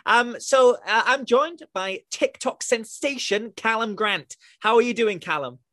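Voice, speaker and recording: A man's voice: very high voice, unhurried, bright, forceful tone. A man from England hosting a casual podcast, chatty and jokey, poking fun at himself. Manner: chatty, jokey, self-deprecating. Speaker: podcast host.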